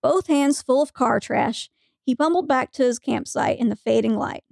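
A woman's voice: high-pitched, moderate pace, creaky, no room sound, clean studio sound. A woman co-hosting a podcast, reading a funny story aloud with frequent giggles. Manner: giggly storytelling, breaking into laughter. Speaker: podcast co-host.

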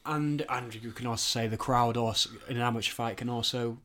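A man co-hosting a podcast in casual chat, talking haltingly with restarts and fillers. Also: medium pitch, steady tone, bright, forceful tone. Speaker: podcast co-host.

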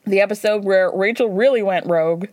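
A woman's voice: mid-range voice, brisk, darkish tone, dry recording. Gossipy woman podcast host, dry sound. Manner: chatty and gossipy, acts out quotes; blunt, swears casually. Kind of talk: casual solo recap podcast.

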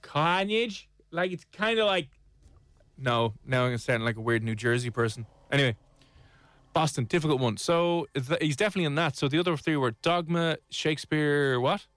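A man's voice: mid-range voice, fairly quick, dry recording. A man, hosting a playful casual chat on radio. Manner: playful, lively, trails off into jokes. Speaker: radio host.

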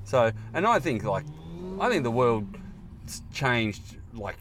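A man's voice: mid-range voice, big pitch swings, slow pace, slight background noise. An Australian man in his fifties, a comedian chatting casually, swearing freely and acting out voices as he tells stories. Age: 50s. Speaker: comedian guest. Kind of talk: casual chat. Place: car park.

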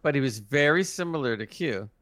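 Bright, dry-voiced man chatting about lore. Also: mid-range voice, expressive, brisk, no echo. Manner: enthusiastic fan explaining lore, chuckling. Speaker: podcast co-host. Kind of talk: casual chat reviewing a TV episode.

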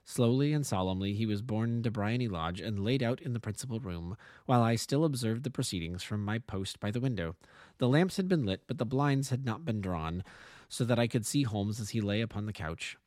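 A man's voice: fairly low pitch, animated, a little fast, a little mellow, no room sound, clean studio sound. A man, an amateur narrator, reading a classic detective story aloud and now and then correcting small slips.

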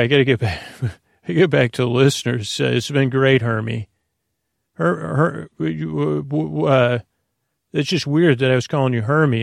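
Male sleep-podcast host, goofy and meandering, gravelly, dry close mic. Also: mid-range voice, dry recording. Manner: goofy, meandering, full of self-corrections. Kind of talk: rambling sleep podcast monologue.

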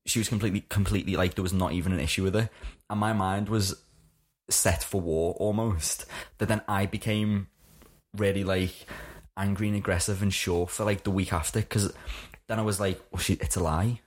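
Man, podcast guest, deep and husky, chatty storyteller full of "like"s. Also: fairly even intonation, normal speed. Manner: chatty, frequent "like" fillers, laughing through anecdotes. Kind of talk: candid personal storytelling.

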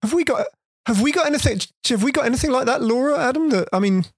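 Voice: sits high, lively intonation, fast talker, no echo, studio quality. A host, asking questions eagerly in a casual interview.

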